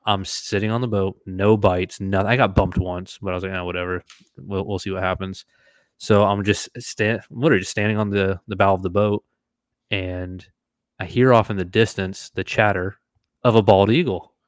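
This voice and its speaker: A man co-hosting a casual podcast, telling a fishing story with lively acted-out quotes. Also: fairly low pitch, moderate pace, no room sound, studio quality. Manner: animated storyteller, acts out quotes. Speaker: podcast co-host.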